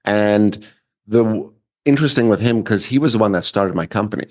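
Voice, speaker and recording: A man's voice: on the low side, fairly quick, a little mellow. A man hosting a casual interview, talking loosely with many fillers and tag questions. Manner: filler-heavy, asks with frequent "right?". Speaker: podcast host.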